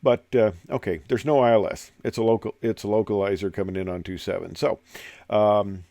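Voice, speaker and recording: An older man with a low voice tells career stories in a loose, rambling way. He drifts off topic, uses lots of fillers and doubles back. The sound is dry and close, with no room echo. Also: fairly even intonation, a little fast, warm tone. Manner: rambling, many fillers and digressions. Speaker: retired airline captain telling stories. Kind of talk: casual storytelling.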